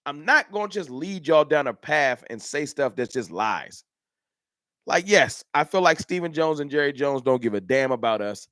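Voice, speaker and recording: A man's voice: fairly high pitch, very animated, moderate pace, a bit bright, no echo, studio quality. A man hosting a casual fan livestream, talking straight to his chat viewers. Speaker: livestream host. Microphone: camera mic.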